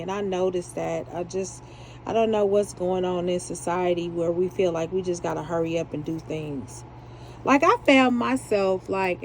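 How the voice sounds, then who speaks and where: A woman's voice: mid-range voice, darkish tone, slight background noise, low-quality recording. A woman chatting casually while she makes beaded jewelry and laughs at herself. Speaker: jewelry maker. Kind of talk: casual chat while beading.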